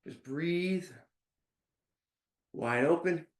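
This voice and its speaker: Slow-talking, winded man leading a workout. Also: a little high, echoey room. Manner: counts reps aloud, calm step-by-step cues. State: out of breath. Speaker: fitness instructor. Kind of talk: live workout class instruction.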